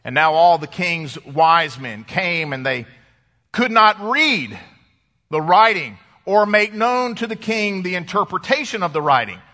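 Male preacher, high and bright, expressive delivery with dramatic pauses, long hall reverb. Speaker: pastor. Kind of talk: sermon.

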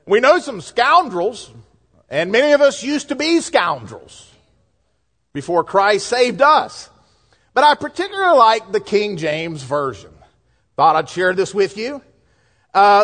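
A middle-aged man with a Southern US accent, a pastor preaching a sermon in a folksy, lively way with asides and jokes. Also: high voice, measured pace, pauses often.

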